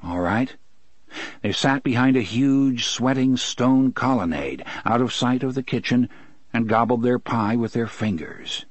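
A man's voice: measured pace, dry recording. Man reading a story aloud. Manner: voices characters with pitch shifts. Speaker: audiobook narrator. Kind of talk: scripted narration.

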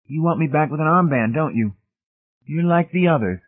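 A man's voice: fairly high pitch, lively intonation, fairly quick, voice pushed up. A man voicing a bitter, wounded younger man who shrilly accuses a friend of betrayal. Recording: tinny phone-like audio.

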